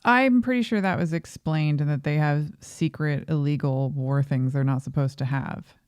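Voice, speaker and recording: Low, mellow-voiced woman podcaster. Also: moderate pace, smooth, no echo, studio quality. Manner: opinionated, animated questions, laughs. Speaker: podcast co-host. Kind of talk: casual movie review chat.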